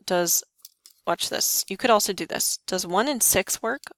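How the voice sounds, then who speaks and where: A woman teaching a math lesson, talking students through each step with quick questions to the class. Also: mid-range voice, a bit bright, dry recording. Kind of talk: lesson walkthrough.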